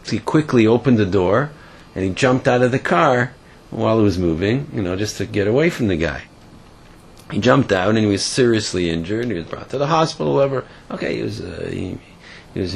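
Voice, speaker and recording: A man giving a casual Torah lesson, telling a story in a halting way with many fillers and restarts. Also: fairly low pitch, creaky, a little hiss or hum. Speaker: Torah teacher.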